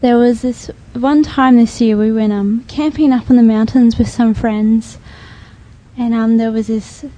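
A woman tells a small group a gentle personal story. Her voice is high and mellow, and she pauses often with fillers as she gathers her thoughts. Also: steady tone, poor audio. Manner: halting, with many fillers, soft and reflective. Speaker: group member sharing a testimony.

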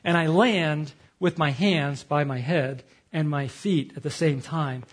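A man giving a sermon, telling a story about himself with animated delivery, acting out quoted lines and laughing at his own mistakes. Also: a little high, a little slow, breathy edge. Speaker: speaker at a retreat.

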